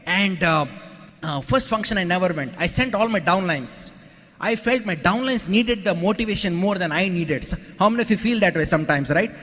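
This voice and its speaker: A man with a fairly high voice tells his story to a conference crowd, joking and acting out what people said. His voice rings out with a long reverb from a large hall. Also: fairly quick. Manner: animated, joking, acts out quotes, frequent "okay?" asides. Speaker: motivational speaker at a business conference. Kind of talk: storytelling speech to a live audience.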